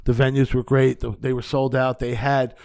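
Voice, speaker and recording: A man's voice: medium pitch, normal speed, clear, resonant tone, dry recording, clean studio sound. Male podcast host; casual, swearing storyteller with a mid-range voice. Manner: animated storyteller, profane. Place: basement.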